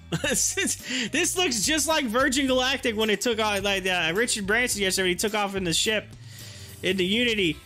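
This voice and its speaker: A man's voice: high-pitched, moderate pace, sharp tone, soft background music. A man hosting a stock market live stream, chatting casually, rambling, teasing his viewers and laughing often. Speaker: stock market livestream host.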